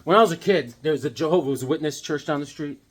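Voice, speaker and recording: A comic book vlogger chats casually about his collection, rambling and enthusiastic, cracking jokes as he goes. His voice is fairly high for a man, husky, and he talks fast.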